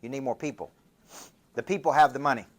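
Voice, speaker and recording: A man's voice: mid-range voice, quick pace. A man with a Southern US accent from Tennessee, giving a motivational business coaching talk full of stories and rhetorical questions. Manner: punchy storytelling, rhetorical questions.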